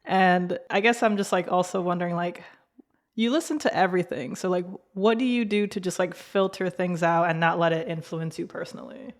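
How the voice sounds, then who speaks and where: A woman's voice: fairly low pitch, a little fast. Chatty woman podcast host who laughs easily. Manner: chatty, laughs often, says "like" a lot. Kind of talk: casual chat.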